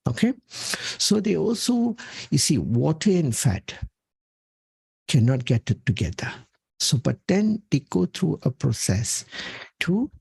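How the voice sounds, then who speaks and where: A man explains slides in an emphatic, lively voice that jumps up and down in pitch. His tone is dark and gravelly and he speaks slowly. The sound is close and dry. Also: no echo. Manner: emphatic, repeats "okay" often. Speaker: health presenter. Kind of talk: talking through slides.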